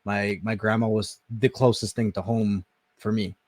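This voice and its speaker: A man from Canada with an average-pitched voice, talking frankly on a podcast and often sinking low and quiet when he reflects. The sound is dry and close. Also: level tone, moderate pace, no echo. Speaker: podcast co-host. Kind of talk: casual chat.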